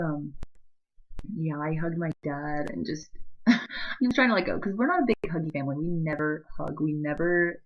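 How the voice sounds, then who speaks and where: A young woman talks to her camera in a low, husky voice, teary and emotional. She rambles and stops and starts, laughing through the tears. The sound is dull and lo-fi, like built-in camera audio. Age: young adult. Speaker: vlogger. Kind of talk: emotional vlog confession.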